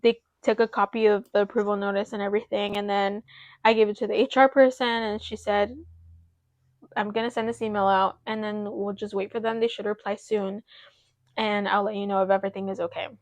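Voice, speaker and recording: A young woman co-hosting a podcast, telling a personal story in an animated way and close to tears. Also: medium pitch, brisk, dry recording. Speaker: podcast co-host. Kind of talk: casual chat.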